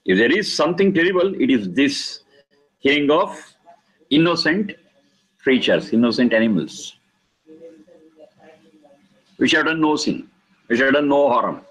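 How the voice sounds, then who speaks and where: A man with a husky, slightly breathy voice of middling pitch gives a lecture on scripture. He speaks deliberately, stacking repeated words for emphasis as he explains each term. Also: animated, a bit bright, rough recording. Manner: slow, emphatic, repeats key words for stress. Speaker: Vedic scripture teacher.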